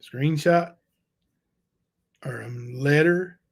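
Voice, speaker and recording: A male livestream host reading letters aloud and commenting on them, halting and unsure, with many fillers. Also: on the high side, gravelly, slightly rough.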